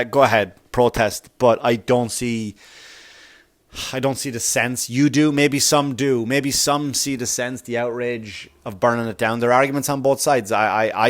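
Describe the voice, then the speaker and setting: A man's voice: mid-range voice, a bit bright. A man hosting a solo comedy podcast, rambling and swearing, and getting heated as he goes. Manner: rambling, profane, gets heated. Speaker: podcast host.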